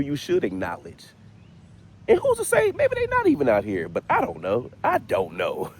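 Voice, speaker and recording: A man's voice: fairly low pitch, a little hiss or hum. A man hosting a paranormal vlog outdoors in a cemetery, chatting in a laid-back way and laughing often. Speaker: paranormal vlogger. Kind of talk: casual spoken vlog.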